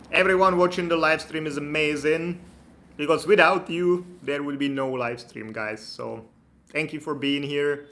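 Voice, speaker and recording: A man from the Republic, hosting a casual live-stream Q&A. He is chatty and relaxed, laughs easily, and reads viewer comments aloud. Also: a little high, moderate pace, slight background noise. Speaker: immigration consultant hosting a live Q&A.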